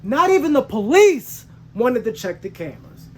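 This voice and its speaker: A man's voice: very high voice, very animated, normal speed, soft background music. A man, a truck driver and channel host, telling a story in a casual way, heated and emphatic, with slangy asides and many restarts. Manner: frequent restarts and self-corrections.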